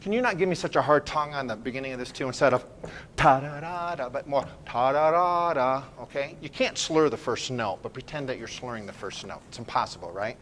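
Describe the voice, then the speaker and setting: A man leading a school band rehearsal, giving brisk, encouraging directions, counting off and singing phrases to show how they should sound. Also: mid-range voice, animated, fairly bright tone, slight background noise. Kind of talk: ensemble rehearsal instruction.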